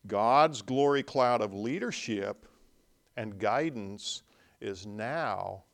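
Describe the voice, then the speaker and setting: A man's voice: on the low side, expressive, slow, vocal fry. A man preaching a sermon at a conference. He reads scripture passages aloud, then walks through them, leaning hard on the key points as he explains. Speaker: pastor. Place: conference hall.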